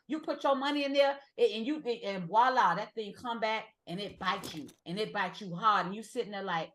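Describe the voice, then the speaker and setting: A woman runs a lively trading class, her voice sitting a little high. She hammers each point home, repeating lines and calling out to the room. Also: normal speed, few pauses. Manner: emphatic, repeats points, addresses the group as y'all. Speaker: trading instructor. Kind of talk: energetic classroom teaching.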